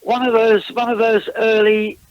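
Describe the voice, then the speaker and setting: A man's voice: high-pitched, level tone, normal speed, no room sound, dull audio. An older man, a guest musician, recalling past tours in a casual interview, chatty and rambling with frequent restarts and chuckles. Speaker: guest musician, former backing singer.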